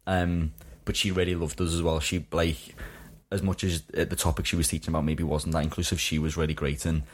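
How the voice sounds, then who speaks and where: Deep-voiced chatty young man. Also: little pitch movement, a little fast. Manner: chatty, laughs often, frequent fillers. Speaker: guest telling school stories. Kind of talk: casual chat.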